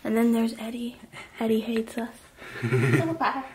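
A woman's voice: on the high side, big pitch swings, moderate pace, a little mellow, roomy sound. A woman in her twenties chatting casually through a tour of her apartment bedroom, candid and cursing freely. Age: 20s. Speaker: vlogger giving a room tour. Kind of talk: casual chat.

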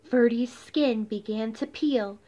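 A woman reading a picture book aloud, expressive and pausing to explain words for children. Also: fairly high pitch. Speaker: storybook reader.

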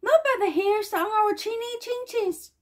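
A woman doing squeaky frightened little pigs. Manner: quick, squeaky and defiant.

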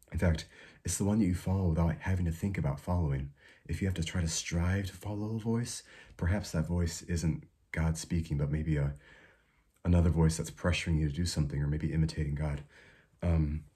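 Young guy doing a chill devotional, super deep husky voice, lots of ums. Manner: soft-spoken, unhurried, with frequent fillers and restarts. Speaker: preacher. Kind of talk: informal devotional teaching.

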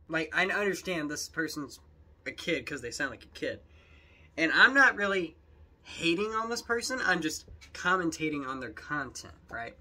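Reacting to videos on YouTube, a young man jokes, rambles, and sounds exasperated. He speaks with a fairly high, pushed, bright voice.

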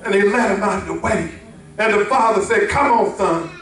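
High-voiced preacher in an echoey hall. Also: male voice, steady tone, fairly quick, crowd noise. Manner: preaching with call-and-response to the congregation. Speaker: pastor. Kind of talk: sermon. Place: church sanctuary. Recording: echoey hall, mic from a distance.

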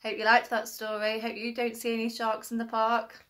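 A woman with a fairly high voice and moderate pace reads a picture book to young children as their infant school teacher. She gasps a lot and keeps asking them questions, staying animated throughout.

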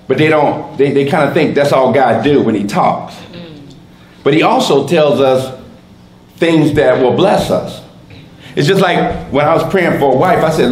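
A man's voice: a little high, animated, normal speed. Preaching man in an echoey church. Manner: swings from loud and shouting to soft whispers, repeats words. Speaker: pastor. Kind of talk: sermon. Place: church sanctuary. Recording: echoey church room, faint background noise.

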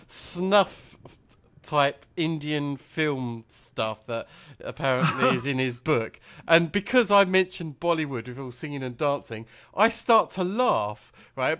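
A man's voice: a little high, fairly bright tone. A man chatting casually while playing a video game, rambling through a funny story and laughing easily. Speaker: let's play host. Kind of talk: casual gameplay chat.

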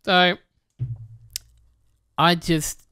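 A man talks in a loose, profane, rambling rant, often starting a sentence over before finishing it. His voice is bright and sharp-edged, with a crisp, smooth clarity. It sounds close and dry, with no room echo. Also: sits high, flat delivery, very slow. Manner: rambling and profane, with frequent restarts; mocks others with put-on quoted voices. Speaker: gaming channel host. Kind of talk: casual rant to camera.

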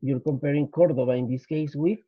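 A man's voice: on the high side, fairly even intonation, fairly quick, slightly rough, dry recording. A male English teacher giving a repetitive grammar lecture, drilling each point and slipping into Spanish to explain. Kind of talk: slide-based grammar lecture. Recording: dull lo-fi recording.

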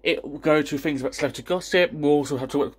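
A man, out of breath and excited, rambling through a casual vlog announcement as a YouTuber. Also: on the high side, rapid-fire, slightly rough. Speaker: YouTuber and podcast host.

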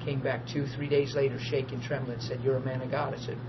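A middle-aged man preaching a sermon built on personal testimony, animated, acting out the people in his stories and laughing easily. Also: medium pitch, fairly quick. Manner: animated storyteller, acts out dialogue, laughs easily. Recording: dull lo-fi archive recording with steady noise.

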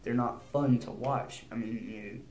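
A teenage boy vlogging in a casual, rambling way, nervous and prone to quick bursts of speech. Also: mid-range voice, fairly even intonation, a little mellow, reverberant, a little hiss or hum. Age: teens. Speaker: YouTuber.

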